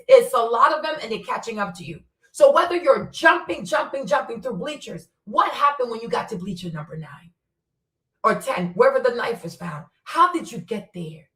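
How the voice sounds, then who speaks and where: A woman's voice: on the high side, a bit bright, recorded from a distance. A woman giving impassioned commentary, blunt and profane, firing off rhetorical questions. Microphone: streaming setup. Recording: roomy sound from away from the mic.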